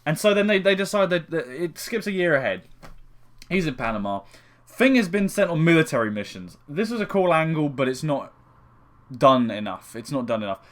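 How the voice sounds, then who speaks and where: A man's voice: fairly high pitch, sing-song, normal speed. A young man giving a casual spoken film review, rambling and swearing heavily with frequent restarts.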